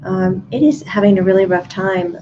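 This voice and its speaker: A woman taking part in a casual livestream as a medium, calmly relaying messages to viewers. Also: medium pitch, normal speed. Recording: dull lo-fi sound, faint noise.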